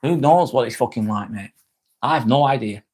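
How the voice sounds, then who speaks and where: A man's voice: mid-range voice, moderate pace, a little mellow. A man hosting a live stream in a casual, joking way, reading viewer comments aloud and replying with some swearing.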